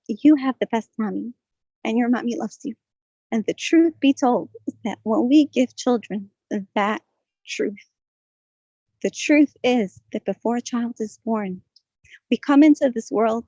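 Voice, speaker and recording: Woman sharing her story at a prayer circle, earnest, kinda high voice, dry muffled sound. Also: gravelly, dark tone, no room sound. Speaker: speaker at a women's prayer gathering. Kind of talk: personal testimony talk. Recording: dull lo-fi sound.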